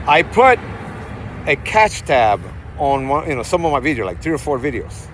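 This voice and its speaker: A man from Puerto Rico with a Puerto Rican accent, vlogging to his phone in a parking lot in a rambling, animated way, full of asides. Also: on the high side, moderate pace. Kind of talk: casual vlog talk. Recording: faint outdoor traffic noise.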